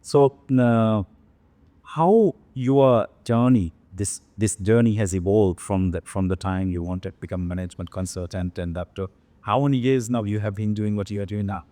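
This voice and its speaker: A male interview host with a low, mellow voice asks questions in halting, filler-laden phrases. The recording is dry with little room sound. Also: no room sound. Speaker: podcast host.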